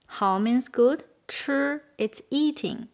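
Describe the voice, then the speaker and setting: A woman with a Chinese accent, a native Chinese speaker, teaching a beginner language lesson and patiently repeating words slowly for learners. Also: high-pitched, vocal fry.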